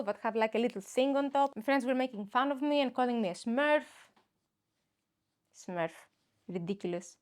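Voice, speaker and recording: A young woman from Greece delivers a comic podcast monologue in English. Her voice sits a little high. She rambles, mocks herself and laughs through her own stories. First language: Greek. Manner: rambling, self-mocking, breaks into laughs. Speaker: comedian podcast host. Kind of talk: comedic monologue.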